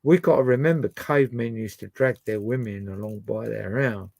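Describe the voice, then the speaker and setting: A man's voice: medium pitch, normal speed, creaky, a little mellow, dry recording. Guy rambling to his stream chat, teasing, dry close sound. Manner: chatty, musing, teasing. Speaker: livestream music host. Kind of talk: casual chat to a live chat.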